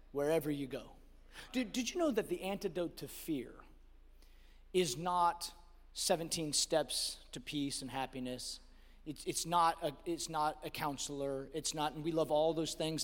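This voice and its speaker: A man with a very high voice preaches a sermon, dropping to near-hushed asides and then building to shouted emphasis. He often restarts his phrases with quick repeats. His voice carries a long reverb, as if filling a large hall. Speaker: pastor.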